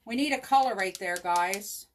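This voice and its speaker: A woman demonstrates chalk crafts in a live tutorial from her home craft table, her dog lying at her feet. She speaks in a mid-range voice at a moderate pace, musing aloud and replying to viewers by name, with a slight hiss or hum in the audio.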